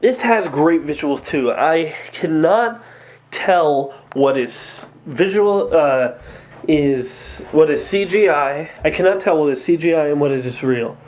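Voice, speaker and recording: A man casually reviewing movies in a rambling, excitable way, full of fillers and restarts. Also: fairly high pitch, takes it slowly. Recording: dull lo-fi home recording.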